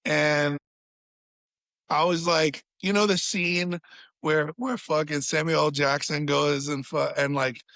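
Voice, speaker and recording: A man's voice: fairly high pitch, steady tone, slow, bright, forceful tone, no echo. A man, a podcast guest, telling a story in casual chat, swearing freely and acting out quotes in a raised voice.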